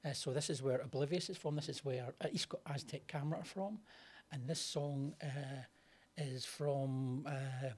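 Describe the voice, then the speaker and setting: A Scottish man with a strong accent and a slightly husky voice talks in a relaxed, rambling way. He introduces songs for a casual music chat, drifting into asides as he explains. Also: medium pitch, moderate pace, few pauses. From Scotland. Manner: chatty, explains at length with asides. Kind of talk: casual radio-style chat.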